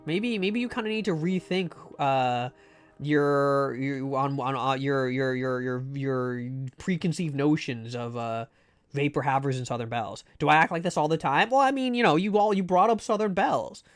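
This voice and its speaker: A man's voice: medium pitch, normal speed. A man streaming a game live, rambling and joking with many fillers and restarts. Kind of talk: casual live-stream chat.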